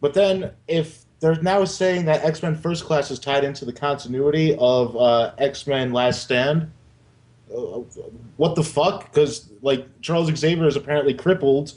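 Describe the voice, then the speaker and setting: A man's voice: on the high side, fairly even intonation, measured pace, darkish tone. Joking man in casual comic chat. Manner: joking, swearing, rambling. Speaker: podcast co-host.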